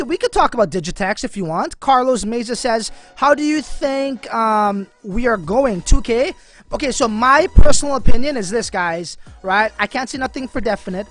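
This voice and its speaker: A man's voice: sits high, fairly bright tone. Male livestream host, loose and slangy, talks straight to viewers, faint music underneath. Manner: slangy, filler-heavy, addresses viewers as man and bro. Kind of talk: casual live-stream chat.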